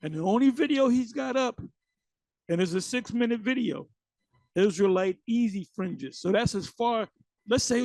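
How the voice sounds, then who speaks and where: Mocky video reaction guy, swears a lot, gravelly, dead dry room. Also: high-pitched, animated, normal speed, darkish tone, no room sound. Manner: mocking, blunt, swears freely. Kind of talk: casual reaction commentary.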